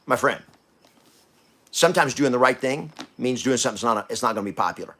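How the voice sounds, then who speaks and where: A man hosting a podcast, giving a blunt motivational talk that swings from quiet to loud, with coarse language. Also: medium pitch, lively intonation, a little fast. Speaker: podcast host.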